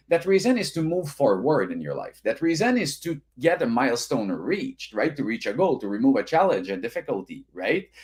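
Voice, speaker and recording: A French Canadian man from Quebec hosting an online business summit, energetic and repetitive, peppering his talk with "right?". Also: mid-range voice. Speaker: summit host. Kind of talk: motivational emcee talk.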